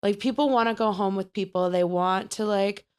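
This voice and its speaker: A woman's voice: medium pitch, moderate pace, smooth. A young woman with a Wisconsin accent, co-hosting a podcast in casual chat, rambling with many fillers and restarts. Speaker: podcast co-host.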